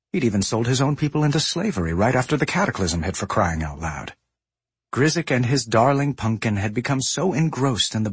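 A man narrating a fantasy story in an expressive, lively storytelling manner. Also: lowish voice, husky, no echo. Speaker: audiobook narrator. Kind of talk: scripted narration.

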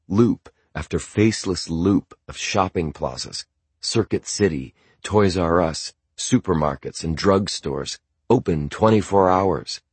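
A man narrates a novel in a measured, reflective first-person voice. His tone is deep and husky. The recording is close and completely dry. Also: darkish tone, no echo. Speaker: audiobook narrator.

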